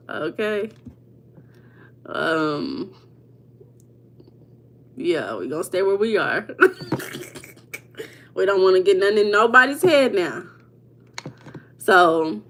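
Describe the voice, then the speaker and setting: A woman's voice: medium pitch, a bit bright. A woman with a mid-range voice hosts a live chat stream and talks to viewers in a loose, easygoing way. She calls out names from the chat and laughs often. Now and then she tosses in playful bits of Spanish before settling into an informal explanation. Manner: chatty, reads out viewers' names and answers them. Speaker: livestream host. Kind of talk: casual livestream chat; informal teaching on mindset.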